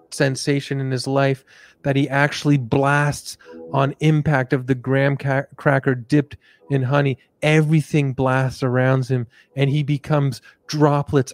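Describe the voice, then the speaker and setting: A man hosting, telling an improvised comic story in a rambling, relaxed way with many fillers. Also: medium pitch, no echo. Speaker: host.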